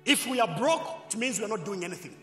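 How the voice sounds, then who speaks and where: Lively high-voiced preacher in an echoey church. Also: male voice, fast, soft background music. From Zambia. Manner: call-and-response preaching, swings between shouting and quiet asides. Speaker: pastor. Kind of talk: sermon. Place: church hall.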